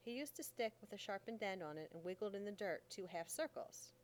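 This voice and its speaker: A woman reads a story aloud in the first person, steady and unhurried, with folksy dialect phrasing. Her voice sits in a middle pitch for a woman, and the delivery stays even as she tells the story. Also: slight background noise. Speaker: audiobook narrator.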